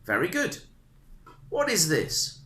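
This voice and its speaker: A man teaching a beginner language lesson, speaking slowly with a lot of repetition and animated intonation. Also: a little high. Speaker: English teacher. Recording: roomy echo.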